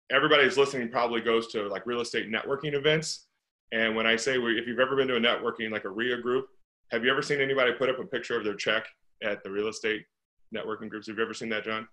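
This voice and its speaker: Middle-aged man from St. Louis, crisp bright tone, earnest, rhetorical questions, interview guest. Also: medium pitch, poor audio. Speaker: guest, real estate investor. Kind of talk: conversational interview.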